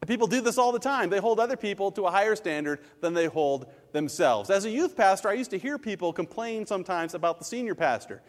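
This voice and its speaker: A male pastor delivers a sermon with a bright, high-pitched voice that leaps up and down. He tells stories with real animation and acts out the people he quotes. His words ring through a large hall with a long reverb. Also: expressive, fast, few pauses.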